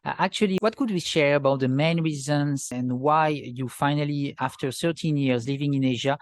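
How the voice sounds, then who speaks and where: A man hosting an interview show, introducing his guest and asking questions in a friendly, slightly halting way. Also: a little high, no echo. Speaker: host.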